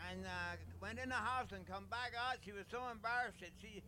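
High, bright-voiced man auctioneer. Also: a little hiss or hum. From Pennsylvania Dutch Country. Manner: rapid rhythmic bid-calling chant. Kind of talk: auction chant and anecdote. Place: live auction sale.

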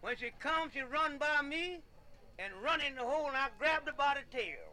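A man's voice: extremely high pitch, lively intonation, normal speed, bright, forceful tone, poor audio. A man telling comic folk stories in a folksy way, often laughing and repeating "yeah.". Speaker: storyteller.

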